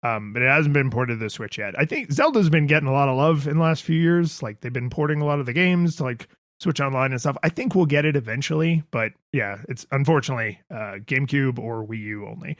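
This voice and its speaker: This podcast co-host, a man with a medium-pitched voice, talks quickly and animatedly with few pauses in a casual chat. He rambles, pokes fun at himself and acts out quotes in a raised voice. The recording is dry and studio quality.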